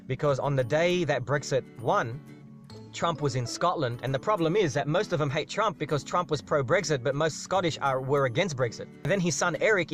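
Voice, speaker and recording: A man hosting a live question-and-answer stream, rambling through an explanation and tagging "right?" onto his sentences. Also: a little high. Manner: rambling, repeats "right?" as a tag, restarts words. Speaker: live Q&A host. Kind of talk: casual explanatory monologue.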